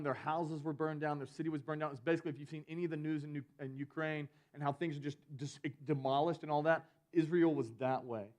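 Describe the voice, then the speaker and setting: A young man from Georgia, a student ministry pastor, gives a conversational youth sermon, retelling a personal story peppered with "like" fillers. His voice sits on the high side with a darkish tone.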